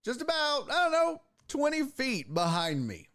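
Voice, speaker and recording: A man's voice: very high-pitched, a little slow. A man, hosting a sports talk stream and telling a long, profane story in a rambling, casual way. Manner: profane, rambling anecdote with lively impressions. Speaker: sports talk show host.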